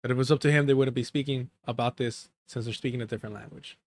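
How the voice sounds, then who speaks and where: A man's voice: mid-range voice, steady tone, very fast, a little mellow. A man giving live reaction commentary on a clip, mocking and profane, breaking into laughter.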